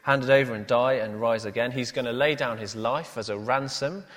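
A male pastor preaches a sermon in a plain, mid-pitched voice. He pads his phrases with "uh" and turns to the listeners with tag questions. His words ring out with a long reverb in a church hall. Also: normal speed, a bit bright. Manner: frequent "uh" fillers, rhetorical tag questions.

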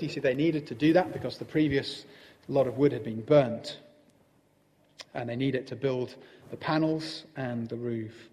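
A man preaching a sermon in a gentle, conversational manner with pauses. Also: mid-range voice, in a large hall.

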